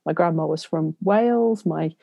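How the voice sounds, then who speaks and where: A woman hosting a podcast, talking in a reflective, halting way with many ums. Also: sits low, gravelly, mellow, dry recording. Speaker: podcast host. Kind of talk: casual conversation.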